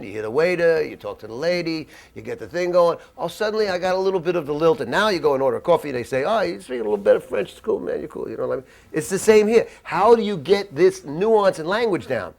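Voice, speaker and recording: A man leads a jazz masterclass, his voice sitting a little high for a man. He talks in a loose, animated, conversational way and slips in little acted-out asides. The room sounds dry. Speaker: jazz saxophone teacher. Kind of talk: masterclass lecture.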